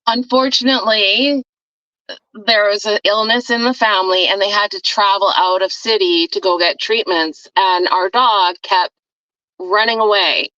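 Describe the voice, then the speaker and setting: A woman guest with a bright, forceful voice tells a story in a lively, casual way, laughing as she goes. The sound is dry and a little dull. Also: medium pitch, moderate pace, dry recording. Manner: animated, laughs often while telling a story.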